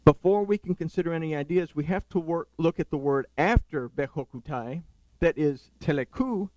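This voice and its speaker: A man delivers a Sabbath sermon with a somewhat high-pitched voice. He teaches earnestly, leaning on key words and hurrying through asides. The sound is dry, with no room echo. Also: a little mellow. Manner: earnest, emphatic, quoting scripture and explaining Hebrew words.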